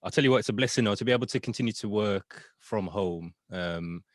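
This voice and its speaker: A man's voice: fairly low pitch, brisk, no echo, studio quality. A British man hosting a casual interview, chatty and friendly, often repeating "you know what I mean". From United Kingdom. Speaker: podcast host.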